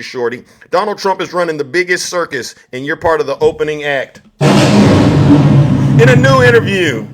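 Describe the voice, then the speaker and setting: Guy with a high voice going off on his livestream, mocking and loud. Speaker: livestream host. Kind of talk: political livestream commentary.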